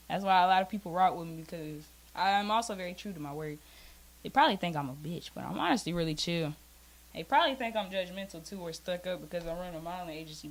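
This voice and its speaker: A young woman in her twenties with a Southern US accent, a guest in casual chat, candid and laughing often. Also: on the low side.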